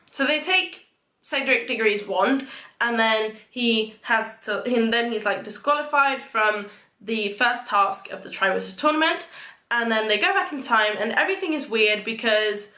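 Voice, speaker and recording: A young woman vlogger rambling excitedly through a book recap, full of "like" and fillers. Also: fairly high pitch, a little slow. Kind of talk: casual book talk. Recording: echoey room.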